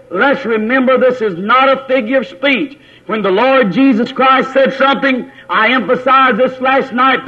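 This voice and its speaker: A man preaching a sermon, repeating his points and putting questions to the congregation, calling on brothers by name. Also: very high-pitched. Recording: tinny lo-fi phone-like recording.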